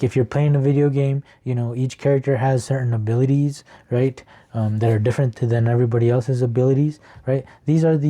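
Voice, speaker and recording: Guy doing a chill tarot reading, super dark mellow voice, keeps cheering you on. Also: mid-range voice. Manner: encouraging, chuckles often. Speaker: tarot reader.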